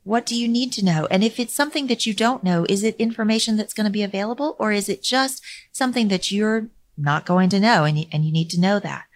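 A middle-aged woman hosting a podcast, telling a story in a calm, measured way that sinks to a near-whisper for emphasis, with light laughs. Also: medium pitch. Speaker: podcast host. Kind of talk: reflective storytelling monologue.

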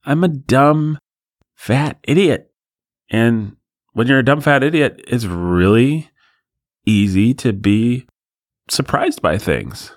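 A man's voice: medium pitch, slow, long pauses, no room sound. A man hosting a podcast alone in a studio, riffing in a sarcastic, self-deprecating, rambling way. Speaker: podcast host.

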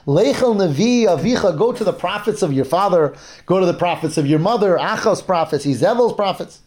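A man's voice: high-pitched, lively intonation, brisk, a little mellow. A man teaching a casual Torah class, retelling a Bible story in a conversational way, fillers and restarts. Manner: conversational with fillers and restarts, acts out quoted speech.

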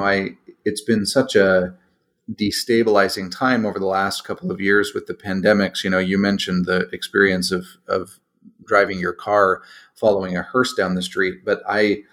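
A man hosting an interview, talking in a thoughtful, searching way with frequent restarts. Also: low-pitched. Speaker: podcast host. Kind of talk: reflective interview conversation.

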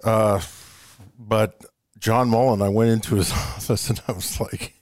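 A man's voice: lowish voice, fairly even intonation, a little slow, a little mellow, dry recording, studio quality. A man, a former ballplayer, telling rambling stories with chuckles as a podcast guest. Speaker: guest, former baseball player. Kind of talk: storytelling in casual chat.

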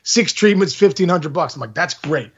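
A man in his forties hosting a podcast, telling a story in casual chat, excitable and exaggerating, laughing at his own tale. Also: on the high side, normal speed, breathy edge, muffled recording. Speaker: podcast host.

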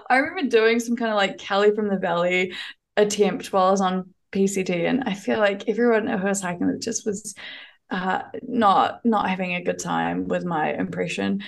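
A woman's voice: mid-range voice, moderate pace, vocal fry. Young woman with a New Zealand accent, mid-range voice, chatty podcast guest who laughs often. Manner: chatty, laughs easily, many fillers. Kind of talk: casual chat.

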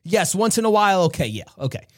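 A man's voice: high-pitched, big pitch swings, quick pace, no echo, studio quality. A man from New York hosting a podcast, giving an earnest, preachy motivational talk and often laughing. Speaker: podcast host, motivational speaker.

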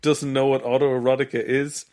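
A man's voice: mid-range voice, little pitch movement, moderate pace, darkish tone. A man jumping eagerly into a casual film podcast chat with jokey asides. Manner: eager, jokey, jumps in with bits. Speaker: podcast co-host or guest.

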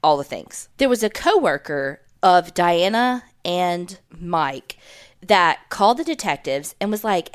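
A woman's voice: mid-range voice, animated, measured pace, smooth. Chatty woman telling a crime story. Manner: chatty, swears, acts out quotes in voices. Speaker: podcast co-host. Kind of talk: casual true-crime storytelling.

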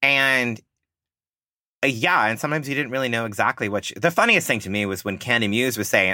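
A man with a bright, lively tone chats casually on a podcast. He laughs easily and wanders through fillers and restarts. The recording is dry and close. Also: medium pitch, quick pace, no room sound. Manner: laughs often, trails off with fillers. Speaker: guest, drag performer.

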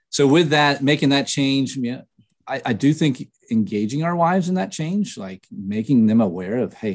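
A middle-aged man talking earnestly in an interview, slightly nasal, pausing often with fillers and restarts. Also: fairly low pitch, a little mellow. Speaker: podcast guest, author. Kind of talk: casual interview talk.

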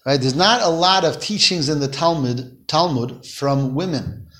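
A man teaching a Torah lesson to a class, explaining slowly and putting questions to his students. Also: fairly high pitch, fairly bright tone.

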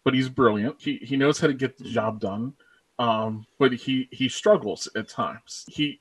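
Earnest, halting male panelist, dry close sound. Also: mid-range voice, husky, no echo, poor audio. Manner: earnest, hesitant, repeats words. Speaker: podcast co-host. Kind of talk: casual chat.

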